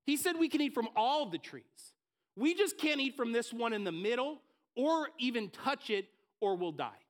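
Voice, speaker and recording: A soft, earnest young woman , voiced by a man, speaking more quietly than the voice around her. The voice stays high overall but drops lower for her. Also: expressive, moderate pace, long reverb tail.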